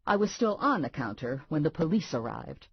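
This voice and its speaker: A woman narrating a first-person audiobook in a wry, deadpan way. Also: low-pitched, normal speed, gravelly, husky, dry recording, dull audio.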